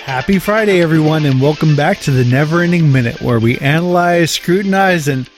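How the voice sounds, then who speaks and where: A man's voice: on the high side, expressive, a little fast, soft background music. A man hosting a podcast in casual chat, playful and chuckling between lines. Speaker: podcast host.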